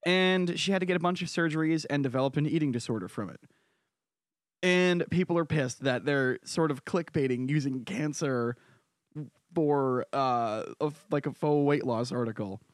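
A man's voice: fairly high pitch, moderate pace, no echo, clean studio sound. A man co-hosting a podcast, casual and joking, often stammering as he starts a thought. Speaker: podcast co-host.

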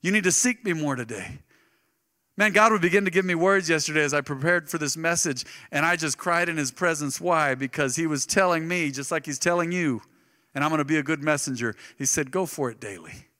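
A middle-aged pastor delivers his sermon with a bright, forceful voice that sits a little high. He tells stories animatedly, jumping from loud bursts to hushed asides. The live church sound carries a long reverb. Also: fairly quick. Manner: animated storytelling, swings between loud bursts and soft asides. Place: church sanctuary.

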